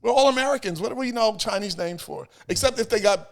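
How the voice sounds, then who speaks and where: A middle-aged man, telling stories as an interview guest in an animated way, repeating phrases and acting out voices. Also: high-pitched, fast talker, creaky. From New York. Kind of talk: casual storytelling chat.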